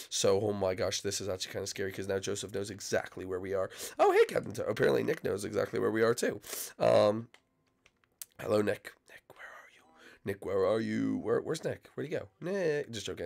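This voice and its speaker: A sick man with a gravelly, creaky voice talks through a video game. He is excitable and rambling, and his voice sounds worn down by his cold. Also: on the low side. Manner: excitable, rambling, shouts out to friends. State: sick, coughing. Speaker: YouTube gaming host. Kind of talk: Minecraft gameplay commentary.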